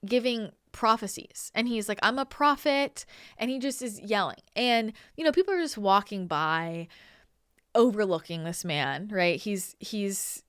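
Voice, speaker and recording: A woman's voice: medium pitch, a little slow, smooth, no echo, clean studio sound. A woman from Northern California, hosting her show and rambling casually through a story with lots of "like" and "you know". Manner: chatty, rambling, heavy use of "like" and "you know". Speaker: channeler and show host.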